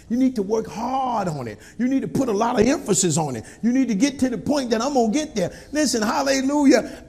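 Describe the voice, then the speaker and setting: A man preaching a colloquial sermon in a church style, with call-and-response and shouted peaks. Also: very high voice. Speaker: pastor.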